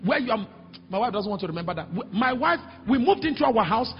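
Nigerian pastor, middle-aged, high gravelly preaching voice, animated storyteller with sudden shouts, echoey hall, dull sound. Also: male voice, quick pace, soft background music. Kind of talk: sermon with storytelling. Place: large church hall.

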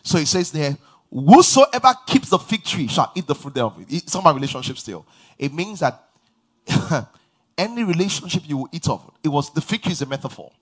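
High, lively pastor preaching. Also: male voice, a little fast. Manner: emphatic preaching with call-and-response to the congregation. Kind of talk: sermon. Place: large church.

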